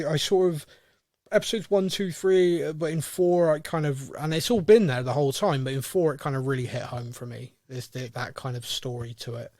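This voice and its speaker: A man's voice: on the high side, a little mellow, no room sound, clean studio sound. A man co-hosting a podcast in casual chat, often stumbling and restarting his words. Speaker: podcast co-host.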